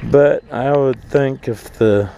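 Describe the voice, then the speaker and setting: Slow, gravelly man for an angry, swear-heavy outdoor rant. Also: medium pitch, dark tone, slight background noise, low-quality recording. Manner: angry, swearing, mocking voices. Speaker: vlogger, full-time RVer. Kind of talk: profane rant to camera. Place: outdoors at an RV park.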